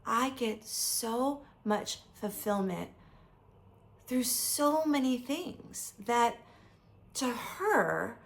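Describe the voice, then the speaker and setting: A chatty woman in her fifties with a slight gravelly fry in her voice. She tells a personal story to the camera in an eager, casual way, and her talk is full of "um" and "like". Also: on the high side, expressive, drawn-out words. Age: 50s. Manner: enthusiastic, chatty, many fillers like "um" and "like". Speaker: vlogger.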